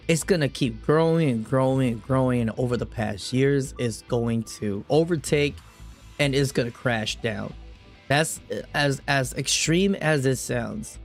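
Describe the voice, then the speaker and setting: A young man streaming a game, reacting heatedly to the story and talking to chat in a profane, rambling way. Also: medium pitch. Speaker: gaming streamer. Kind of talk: live reaction commentary to chat.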